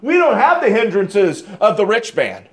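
A male pastor preaching a sermon, deliberate and emphatic, repeating key phrases. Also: high voice, huge pitch swings.

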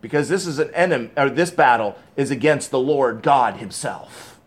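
A man's voice: medium pitch, normal speed. A man preaching a sermon, emphatic and repeating key phrases, with conversational asides between scripture readings. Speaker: pastor.

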